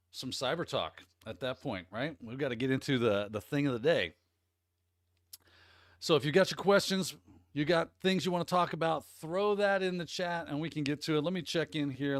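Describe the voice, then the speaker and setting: A man's voice: a little high, normal speed, no echo, clean studio sound. A man from the Midwest of the US hosting a casual livestream. He talks in an upbeat, rambling way and greets viewers by name. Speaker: host.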